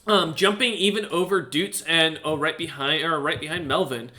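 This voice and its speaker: A man serves as game master for a tabletop game, narrating in a bright voice pitched a touch higher than most. He talks at a moderate pace with few pauses, rambling between descriptions and filling the gaps with ums and uhs.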